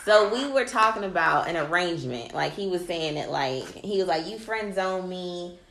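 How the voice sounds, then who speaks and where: A woman with a fairly low voice chats casually on a podcast, telling a long story with lots of quoted back-and-forth and free swearing. She sounds animated. The room is echoey, with a faint hiss behind her. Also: moderate pace. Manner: animated, swears freely, quotes people in dialogue. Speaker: podcast co-host.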